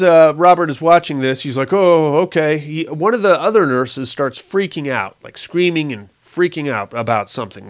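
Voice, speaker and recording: A young man giving a casual, sarcastic recap of a horror TV episode, laughing at the plot and acting out lines. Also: fairly high pitch.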